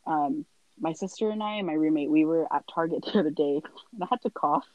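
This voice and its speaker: A woman's voice: low voice, fairly quick, no room sound, highs cut off. A young woman chatting casually as a guest, rambling through stories with lots of filler words. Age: young adult. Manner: rambling storyteller. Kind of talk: casual chat.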